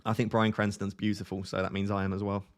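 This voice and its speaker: A young man with a light Essex accent chats casually on a live stream, reading out viewer questions and answering them. He pokes fun at himself and laughs often. His voice sits a little on the low side. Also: level tone, quick pace. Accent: light Essex English. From Essex, England. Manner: chatty, self-mocking, laughs often.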